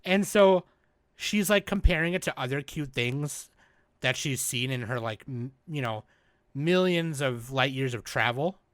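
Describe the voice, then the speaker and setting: A man hosting a podcast, recapping in a rambling, animated, casual way and swearing freely. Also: mid-range voice, measured pace, no echo. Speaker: podcast host. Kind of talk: casual chat.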